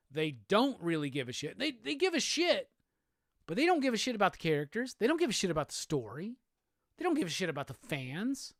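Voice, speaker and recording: A man's voice: on the high side, dry recording, clean studio sound. A man hosting a solo show, ranting angrily with heavy profanity and repeated phrases. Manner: profane, repetitive, heated. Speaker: host. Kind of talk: angry solo commentary rant.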